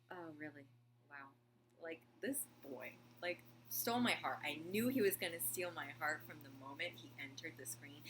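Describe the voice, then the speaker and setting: A woman chatting casually as a video host at home, gushing and excitable, with lots of "like" in her talk. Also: lowish voice, a little hiss or hum. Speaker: video host reviewing a TV show. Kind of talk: casual chat. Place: room at home with a heater running.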